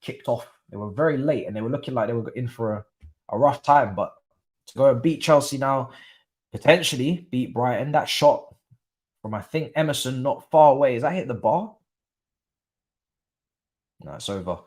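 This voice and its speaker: Young bloke streaming a footy watchalong, hyped, slangy, talking to chat. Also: male voice, mid-range voice, moderate pace, long pauses. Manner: excitable, slangy, chatting with live chat. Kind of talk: live football watchalong commentary.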